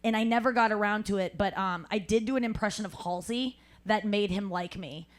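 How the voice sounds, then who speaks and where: A woman hosting a live podcast, telling an animated story and acting out other people's lines, laughing often. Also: medium pitch, fairly quick. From St. Louis. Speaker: podcast host. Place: live show at a cafe.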